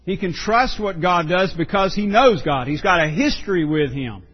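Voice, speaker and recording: A pastor preaching a sermon, earnest and emphatic, often repeating words for stress. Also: male voice, high-pitched, expressive, normal speed, slightly rough, lo-fi sound.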